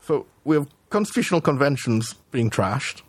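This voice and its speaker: A man's voice: medium pitch, sing-song, moderate pace, dry recording. Man talking politics over beers. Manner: hesitant restarts, swearing, building an argument. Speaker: podcast co-host. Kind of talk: casual political chat.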